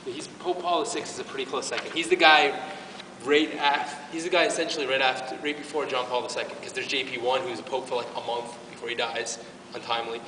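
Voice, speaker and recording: A man's voice: medium pitch, steady tone, fast, recorded from a distance, noisy background. Earnest man speaking in an echoey hall. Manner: earnest and emotional, with frequent restarts. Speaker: parish youth ministry speaker. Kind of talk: informal faith talk to a youth group.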